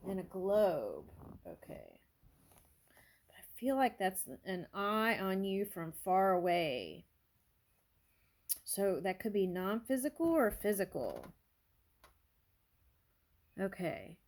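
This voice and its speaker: Slow musing woman reading tarot cards. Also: medium pitch, sing-song, darkish tone. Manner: musing, thinks aloud, exclaims over cards. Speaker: tarot reader.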